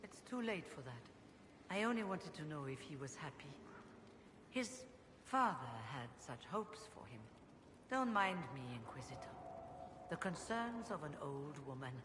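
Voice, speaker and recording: Wistful older former rebel mage. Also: female voice, sits low, big pitch swings, background noise. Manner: measured, wistful, reflective. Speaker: game character. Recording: game audio with long reverb and ambience.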